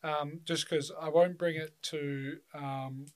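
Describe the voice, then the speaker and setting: A young man chats casually and tells rambling, profane stories, laughing often. His voice sits a little higher than most men's. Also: fairly even intonation, slow pace. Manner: loose, swearing storyteller who laughs often. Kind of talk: casual chat.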